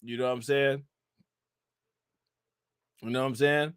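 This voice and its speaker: A man's voice: mid-range voice, steady tone, a little slow, clear, resonant tone, dry recording, clean studio sound. A man hosting a casual reaction livestream, talking in a loose, slangy way and breaking into laughter. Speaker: livestream host.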